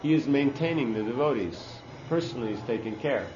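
A man's voice: medium pitch, animated, brisk, reverberant, muffled recording. A man giving a sermon-style scripture class, earnest and emphatic, using Sanskrit terms.

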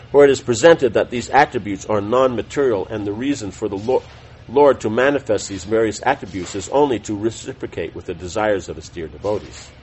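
Low-voiced man reading a lesson. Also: husky, low-quality recording. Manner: measured, deliberate reading with small self-corrections. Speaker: teacher of a scripture class. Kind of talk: reading a text aloud with spoken asides.

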